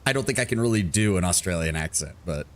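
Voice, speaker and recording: A male game streamer with a very low, deep voice. He reads role-playing game text aloud and breaks off for joking asides to his chat. His talk is loose and conversational. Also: animated, fast. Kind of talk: live game stream with casual commentary.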